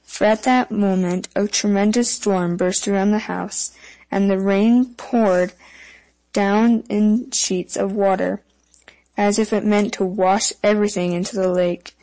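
A woman narrating a fairy tale audiobook in an even, measured storytelling manner. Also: mid-range voice, poor audio.

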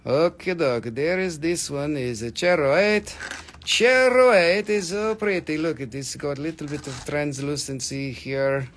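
Excited man selling minerals live. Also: a little high, unhurried, slight background noise. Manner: animated, reads chat comments aloud, bursts into excited shouts. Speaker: live-stream mineral seller. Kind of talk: live-stream sales chat.

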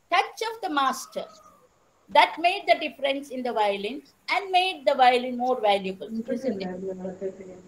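A woman with an Indian English accent giving an online lecture, telling a story slowly and putting questions to her audience. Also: on the high side, a bit bright, low-quality recording. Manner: measured, repeats phrases, asks the audience questions. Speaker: teacher educator giving an online talk.

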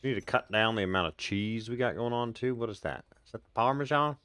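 A man's voice: medium pitch, quick pace, fairly bright tone, clear, resonant tone, dry recording. A man casually commenting on his own gameplay on a live stream, chatting with viewers and making sarcastic asides.

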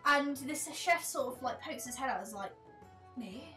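A woman's voice: high-pitched, expressive, a little fast, pushed and bright, faint music behind. A woman narrating as game master of a tabletop game, chatty and casual. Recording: echoey room.

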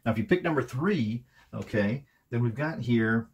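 A man's voice: medium pitch, lively intonation, moderate pace, slightly rough. A man giving a casual, rambling tarot card reading, full of hesitations and fillers as he talks through each card. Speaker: tarot reader.

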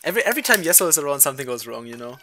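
A man's voice: medium pitch, big pitch swings, racing, sharp tone, a little hiss or hum. A man streaming a video game, chatting casually, swearing freely and laughing often. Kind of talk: casual gameplay commentary.

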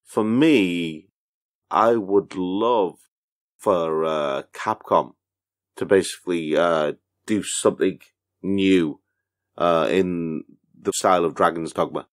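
A man's voice: low voice, slow pace. A man co-hosting a casual podcast, playful and mock-dramatic. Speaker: podcast producer and co-host. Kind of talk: casual chat.

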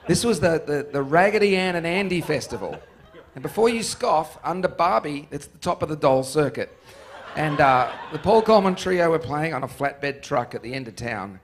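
A man, a musician being interviewed. He tells stories in an animated, joking way and laughs often. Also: on the high side, normal speed, a little hiss or hum. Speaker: musician guest. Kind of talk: casual interview storytelling.

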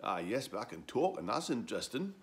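A man's voice: medium pitch, very animated, a little fast. A man voicing a cheeky, know-it-all male donkey in a storybook, brash and cocky.

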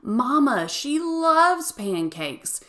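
A woman's voice: high voice, very animated, drawn-out words, fairly bright tone, voice pushed up, exaggerated voice. A woman voicing an eager, cheerful young boy in a storybook read-aloud.

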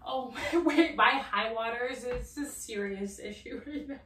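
A woman vlogger reviewing shoes in casual chat, excitable and giggly, full of "like" and "um", a bit out of breath. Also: a little high, normal speed, few pauses. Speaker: fashion vlogger. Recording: echoey indoor room.

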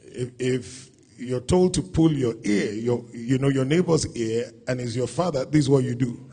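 A pastor preaching a sermon at a church service, speaking deliberately and rising to loud, emphatic scripture reading. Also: male voice, mid-range voice, slight background noise.

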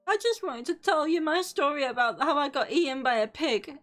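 A woman's voice: sits high, a little fast, a bit bright, faint music behind. A young British woman streamer telling a rambling, sweary story, often breaking off mid-sentence. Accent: British English. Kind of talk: casual storytelling on a live stream.

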